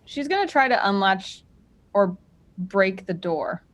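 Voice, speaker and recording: A woman's voice: mid-range voice, lively intonation, measured pace. A woman playing a tabletop game, casually thinking aloud about her moves. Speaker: player.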